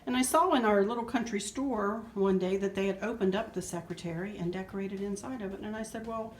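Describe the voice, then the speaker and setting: A chatty, sentimental woman in midlife walks through her house, talking about decor with an easy laugh. Her voice is of middle pitch. The sound is roomy and echoey, with faint music behind. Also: fairly quick, hardly any pauses. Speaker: home decor vlogger. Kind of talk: casual home tour narration. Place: indoors in a house.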